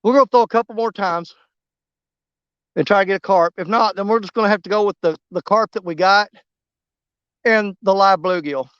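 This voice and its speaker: A man narrating a fishing trip on a snowy riverbank in a folksy, excitable way, talking straight to his viewers. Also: high voice, brisk, pauses often, clear, resonant tone, no room sound, dull audio. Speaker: fishing vlogger. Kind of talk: casual outdoor commentary.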